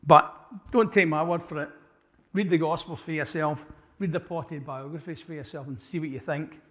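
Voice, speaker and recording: A man presents a talk to a live church audience in a conversational way, often asking the room questions and correcting himself mid-sentence. His voice sits a little high for a man. The recording carries the long reverb of a church hall. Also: steady tone, moderate pace, fairly bright tone. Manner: conversational, asks the audience questions, frequent restarts. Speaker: church speaker.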